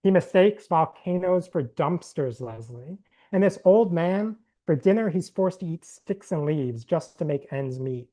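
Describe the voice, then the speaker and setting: A woman's voice: lowish voice, lively intonation, a little slow, mellow. Woman reading her own fiction aloud. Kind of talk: live literary reading.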